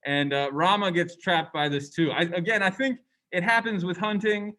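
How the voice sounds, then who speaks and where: A man's voice: high voice, steady tone, normal speed, bright, forceful tone, low-quality recording. A man giving a casual, conversational classroom lecture, asking his students questions as he goes. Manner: reads passages aloud from the book. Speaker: religious studies lecturer.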